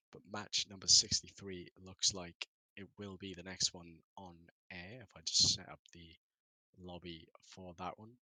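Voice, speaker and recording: A man's voice: low-pitched, sharp tone, no echo, low-quality recording. Chatty man casting esports. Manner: rambling, self-mocking, laughs often. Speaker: esports caster. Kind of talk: live esports commentary.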